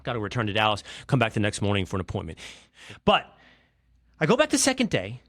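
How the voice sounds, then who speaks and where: A middle-aged man from Texas, hosting a podcast, telling an exasperated, comic story that swings from hushed asides to loud outbursts. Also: fairly low pitch, wildly swooping pitch, fast talker, dry recording, clean studio sound. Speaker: podcast host. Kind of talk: animated storytelling monologue.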